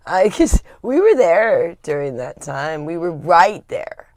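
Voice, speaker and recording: A woman's voice: on the low side, very animated, slow, darkish tone, dry recording, studio quality. A woman hosting a live stream in casual chat, rambling and chatty with a lot of filler words. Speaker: livestream host.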